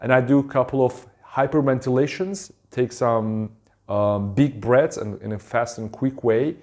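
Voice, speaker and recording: Man, wellness teacher, calm and unhurried, frequent ums and self-corrections. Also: mid-range voice. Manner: calm, halting, with many ums and restarts. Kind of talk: casual instructional talk.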